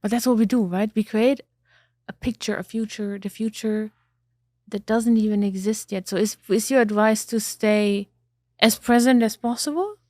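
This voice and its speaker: A woman podcast host asks thoughtful questions and restates ideas back to her guest. Her voice is mellow and warm, and it is recorded close and dry. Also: medium pitch, steady tone, normal speed, no room sound. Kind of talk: interview questions.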